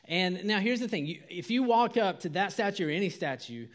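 A man's voice: high-pitched, animated, a little fast. A man from Georgia, preaching a casual, conversational sermon full of fillers and restarts.

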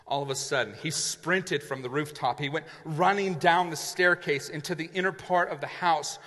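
A man's voice: fairly high pitch, moderate pace, sharp tone. A male pastor preaching a sermon, retelling a story vividly and acting out the characters. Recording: long reverb in a large hall.

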